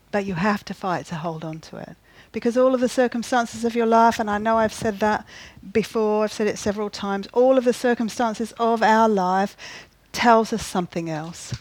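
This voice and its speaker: A woman's voice: mid-range voice, low-quality recording. A woman preaching a sermon in an earnest way, repeating key phrases and often asking the listeners whether they see what she means.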